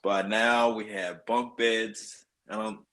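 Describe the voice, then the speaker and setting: A man's voice: fairly low pitch, flat delivery, takes it slowly, a bit bright. Profane man telling a war story. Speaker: podcast host. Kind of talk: casual storytelling chat.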